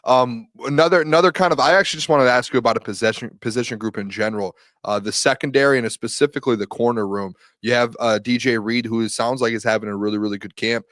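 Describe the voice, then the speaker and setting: A man hosting a sports talk show, asking questions in a relaxed, easygoing way. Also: mid-range voice, fast, few pauses, no echo, clean studio sound.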